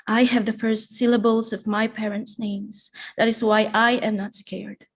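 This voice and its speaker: A woman poet reads her work aloud at a live event. She takes her time, letting each line settle in a slow, deliberate recitation, her voice sitting in an ordinary middle register. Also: mid-range voice, flat delivery. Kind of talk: live poetry reading.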